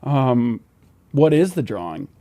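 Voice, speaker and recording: Brisk man steering a comedy podcast. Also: mid-range voice, sing-song, warm tone, no room sound. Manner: brisk, steers the show along. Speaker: podcast co-host. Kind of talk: comedic improv chat.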